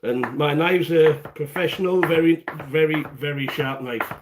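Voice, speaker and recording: With background noise behind him, a British cooking show host chats at a moderate pace in a fairly high voice. Streaming live from his home kitchen, he's jokey and rambling, greeting people in the chat by name.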